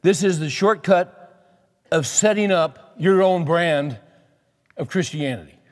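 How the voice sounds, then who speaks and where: A pastor with a fairly high voice takes his time, speaking slowly. Recorded in a reverberant hall, he reads scripture and talks plainly to his congregation in a folksy, conversational sermon.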